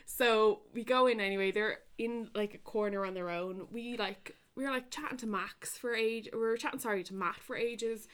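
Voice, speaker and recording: A young Irish woman co-hosting a podcast, telling stories in a lively, laughing way. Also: on the high side, moderate pace, hardly any pauses. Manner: animated, laughing storyteller. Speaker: podcast co-host. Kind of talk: casual chat, storytelling.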